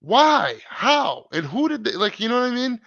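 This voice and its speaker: A man hosting a live stream, chatting casually in an excited, rambling, slangy way with many restarts. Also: very high voice, moderate pace, vocal fry, no room sound, muffled recording.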